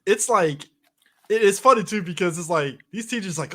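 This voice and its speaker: A man's voice: high-pitched, lively intonation, a little fast, a bit bright. A man co-hosting a casual movie podcast, teasing and laughing through his comments. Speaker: podcast co-host. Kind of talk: casual movie-review chat.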